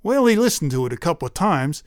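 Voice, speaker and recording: Talking fast, a storyteller spins a folk tale in an animated, folksy voice that sits fairly high for a man and swoops up and down in pitch. There's no echo or room sound in this dry recording.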